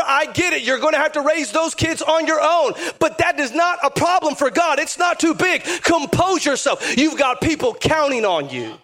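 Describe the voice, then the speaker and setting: A pastor preaching a sermon with emphatic, repetitive phrasing. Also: male voice, extremely high pitch, a bit bright.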